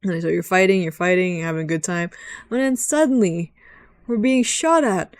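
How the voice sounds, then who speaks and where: A woman's voice: fairly low pitch, moderate pace, darkish tone. A woman giving rambling, giggly gaming commentary as host, swearing freely.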